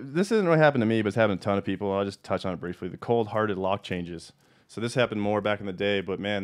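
A man hosting a podcast, telling blunt, profanity-laced stories in a casual chatty way. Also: deep voice. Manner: profane, blunt, animated storyteller. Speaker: podcast host. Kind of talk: casual storytelling.

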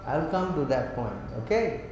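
A man's voice: on the high side, very animated, moderate pace, a little mellow, soft background music. A man giving a scripture class as a spiritual teacher. He speaks emphatically and keeps quizzing his listeners. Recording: very echoey room.

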